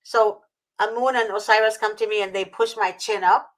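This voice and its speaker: A woman's voice: medium pitch, steady tone, normal speed, rough recording. A woman from Egypt chatting casually as host, emotional and gushing, with many fillers and restarts. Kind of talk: casual video-call chat.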